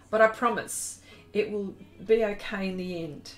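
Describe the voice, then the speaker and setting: An Australian woman, an art instructor, runs a live-stream painting demonstration, chatting and giggling as she reads viewer comments aloud and greets people by name. Her voice sits at medium pitch with a measured pace, and faint music plays behind her.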